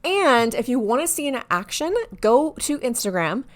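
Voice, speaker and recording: A woman hosting a marketing explainer video, talking excitedly and sometimes stumbling over her words, with quiet asides. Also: a little high, normal speed. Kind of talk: enthusiastic to-camera explainer.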